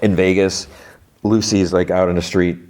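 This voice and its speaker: A man's voice: low voice, level tone, normal speed, darkish tone. A male podcast host recapping a TV episode in a chatty way, full of fillers, acting out the dialogue.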